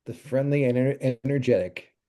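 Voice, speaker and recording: A man's voice: medium pitch, brisk, mellow. A man who is a pastor, hosting a podcast in easygoing casual chat and rambling through stories. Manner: easygoing, chuckles, rambling storytelling.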